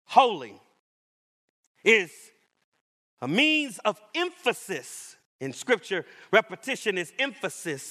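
A man preaching a sermon as pastor, with emphatic, rising declarations and deliberate repetition. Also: high-pitched, sharp tone.

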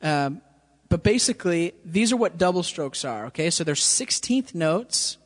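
A man's voice: on the high side, animated, a little slow. Casual man teaching a drum lesson. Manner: casual, checks understanding with frequent "okay?". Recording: reverberant room with drums playing.

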